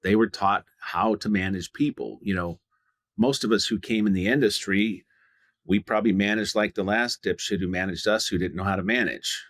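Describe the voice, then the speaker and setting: Deep-voiced man, frank and rambling. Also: normal speed, fairly bright tone, no echo, clean studio sound. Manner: rambling, restarts often, frank with mild profanity. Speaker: guest, home services business owner. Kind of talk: conversational interview answers.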